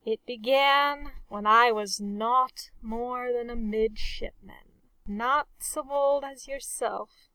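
A woman's voice: on the high side, slow, bright, forceful tone, no echo, exaggerated voice. A woman reading an audiobook, voicing a vengeful, sneering aristocratic male naval captain who roars and growls. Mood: brooding. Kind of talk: audiobook character voice.

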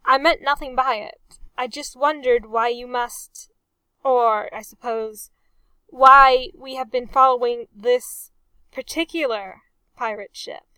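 A woman's voice: on the high side, steady tone, slow, bright, forceful tone, clean tone, no room sound. A woman reading an audiobook, voicing a nervous, apologetic young male midshipman who stammers. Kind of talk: audiobook character voice.

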